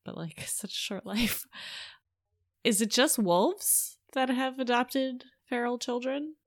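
A woman's voice: a little high, expressive. Joking woman podcast co-host. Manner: joking, quick quips. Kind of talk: casual chat.

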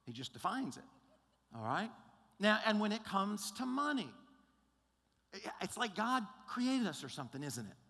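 A man's voice: high-pitched, very animated, moderate pace, vocal fry, pauses often, pushed and bright. A male pastor preaching a sermon in an emphatic, conversational way, often checking in with his listeners. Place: large church auditorium. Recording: long reverb of a large hall.

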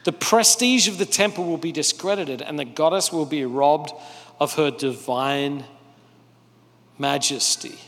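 A man delivering a sermon as a lively storyteller, his slightly raised voice carrying through a large hall with a long echo. He keeps jumping into the people of his story and acting them out. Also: fairly high pitch, unhurried. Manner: animated storytelling, acting out characters. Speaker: pastor.

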